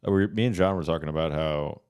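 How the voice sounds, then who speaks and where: A man co-hosting a comedy podcast, with a very low, rumbling voice. He rambles through jokes in loose, casual chat. His sentences often restart before they land. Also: fast, a little mellow, clear, resonant tone. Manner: rambling, jokey, frequent restarts. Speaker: podcast co-host.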